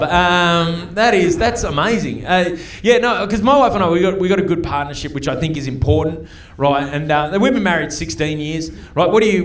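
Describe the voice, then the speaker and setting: A rather high-voiced Australian man in his forties works a comedy club crowd with a chatty, profane stand-up set. He is heard from some distance off the mic, and the room adds a clear echo. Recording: roomy live club sound from a distance.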